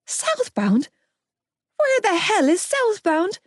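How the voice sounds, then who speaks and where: A woman's voice: extremely high pitch, wildly swooping pitch, takes it slowly, no room sound, studio quality, pitched above the performer's own voice, heavily acted. A woman voicing a panicky young man who wails and whines at everything, in an audiobook. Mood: panicked, whining. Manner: wailing, whiny and exasperated. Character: panicky young Irish man, driving, whining.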